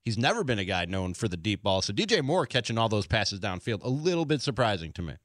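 A man's voice: lowish voice, very animated, fast talker, a bit bright, no echo, studio quality. A male radio co-host giving plain, matter-of-fact football commentary. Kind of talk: call-in radio talk.

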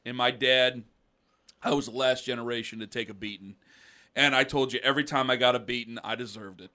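A middle-aged man on a podcast, telling rambling stories in a casual, animated way. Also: medium pitch, brisk. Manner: rambling, animated storyteller with mocking quoted voices. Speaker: podcast co-host. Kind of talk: casual storytelling chat.

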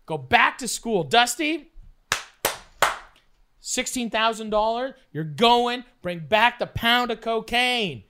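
A young woman from Canada telling a wild story casually, swearing freely and animated. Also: on the high side, slow, smooth.

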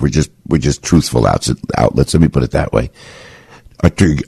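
A man's voice: creaky, warm tone, breathy edge, no room sound, clean studio sound. An older man hosting a morning talk radio show, speaking frankly in a rambling, restarting way that keeps rising as he gets worked up. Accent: New York. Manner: gets worked up and rises in pitch.

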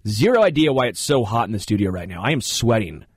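A man hosting a talk show, telling rambling, animated stories in casual studio banter. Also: lowish voice, fast, slightly rough, no echo. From Kansas City area. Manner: rambling, animated storyteller who jumps into funny voices. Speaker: radio show host.

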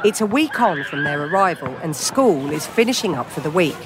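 A narrator telling a children's audio story with an expressive delivery and chatty asides to the listener. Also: medium pitch, brisk, over a noisy crowd, very noisy.

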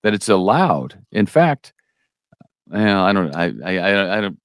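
Male news podcast co-host, very deep, stop-start delivery, dry booth sound. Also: big pitch swings, clear, resonant tone, dry recording. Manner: halting, restarts often, opinionated asides. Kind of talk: casual news chat.

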